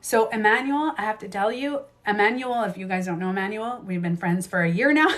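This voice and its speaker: A woman's voice: medium pitch, brisk. A woman hosting a casual livestream who talks emphatically, repeats her phrases and swears freely. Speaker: livestream host and beauty coach. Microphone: livestream camera mic.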